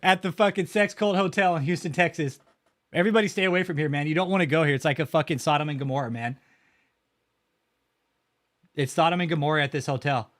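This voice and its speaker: A man's voice: on the high side, fast, pauses often. A man livestreaming outdoors by a road, talking casually in a blunt, profane, mocking way.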